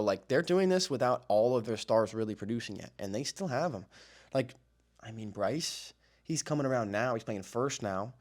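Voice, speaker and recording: A young man hosts a casual baseball show with an excitable, rambling delivery. He repeats himself and circles back to his points, and his voice sits at a middle pitch for a man. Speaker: sports podcast host.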